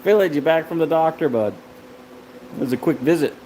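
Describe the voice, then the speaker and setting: A man's voice: on the high side, brisk, mellow, a little hiss or hum, rough recording. A man hosting a casual livestream from a car shop, chatting with viewers and laughing constantly between lines. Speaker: livestream host. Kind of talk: casual live chat with viewers.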